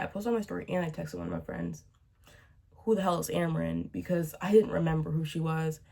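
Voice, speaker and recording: A woman's voice: on the low side, creaky, dark tone. A teenage girl chatting casually to her viewers, ranting animatedly about books and laughing through a storytime. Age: teens. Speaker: book vlogger.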